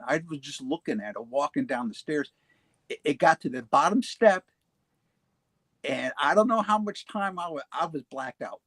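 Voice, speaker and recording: A man in his forties casually telling his own ghost encounters, halting and restarting often, laughing easily. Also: on the high side, fairly bright tone, husky, no echo. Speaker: paranormal show guest telling his experiences. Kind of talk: casual storytelling.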